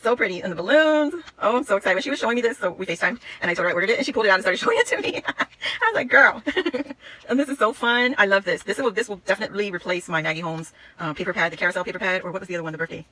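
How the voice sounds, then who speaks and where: A woman vlogger unboxing a craft haul in casual chat, gushing and excitable, laughing often. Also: mid-range voice, very fast, no echo.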